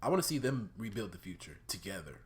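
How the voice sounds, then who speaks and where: A young man hosting his own vlog, giving a casual, profane review of a cartoon episode, swinging between loud outbursts and subdued talk. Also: deep voice, very animated, quick pace.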